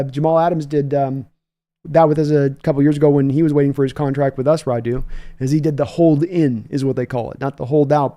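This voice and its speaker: Male sports-stream host, fairly high and warm-toned, chatty and rambling. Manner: chatty, rambling, restarts sentences. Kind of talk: live-stream sports talk, reading chat.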